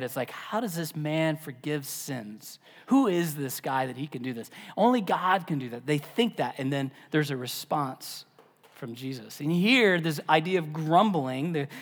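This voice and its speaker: A man preaching a sermon as pastor, animated, dropping to a whisper for emphasis. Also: a little high, in a large hall. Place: church.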